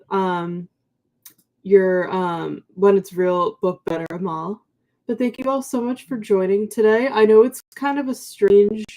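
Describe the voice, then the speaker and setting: A woman's voice: mid-range voice, mellow. A young woman co-hosting a book livestream, chatting casually in a sleepy morning voice and reading out viewer comments with many ums and likes.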